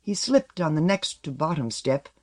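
Male audiobook narrator, measured and expressive, with a lively, varied pitch. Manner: measured, expressive storytelling with dropping line ends.

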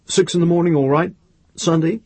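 A worn-out, shabby man, as a male narrator puts him on, mumbles in halting bursts. The voice is husky and breathy, pitched a bit above the narrator's own. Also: steady tone, a little mellow, no echo. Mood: weary.

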